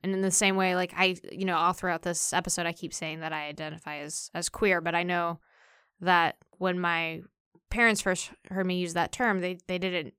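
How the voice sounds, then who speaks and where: A young woman talks things through in a casual discussion, turning ideas over by asking herself questions. Her voice is slightly low, very smooth and clear, and it sits dry and close to the mic. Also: steady tone, normal speed, a bit bright, no room sound. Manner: thoughtful, asks herself questions aloud. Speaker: discussion participant.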